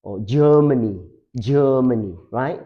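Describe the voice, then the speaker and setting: Guy teaching slow, lots of uh and like, dull lo-fi mic. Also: medium pitch. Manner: slow and halting, many fillers, repeats words. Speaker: English teacher. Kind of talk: slow classroom explanation. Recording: dull lo-fi sound.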